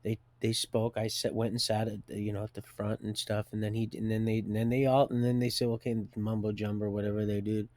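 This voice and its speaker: A man's voice: fairly low pitch, level tone, fairly quick, hardly any pauses, darkish tone, dry recording. A middle-aged man streaming live from home, telling a rambling personal story full of folksy asides and restarts. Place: home, with a door and heater nearby.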